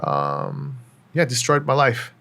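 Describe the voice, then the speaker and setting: In a casual podcast interview, a middle-aged guest reflects openly on his life story, leaning on plenty of fillers. He takes his time, with a sing-song, medium-pitched voice that's slightly bright.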